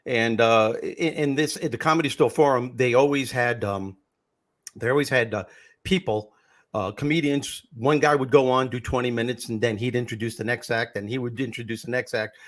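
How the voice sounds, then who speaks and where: An older man recounts his stand-up days with animated energy, slipping into the voices of the people in his stories. He talks at a middle pitch in a conversational interview. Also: normal speed. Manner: animated anecdotes, acts out quoted voices. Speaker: comedian and former teacher. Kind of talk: storytelling in a podcast interview.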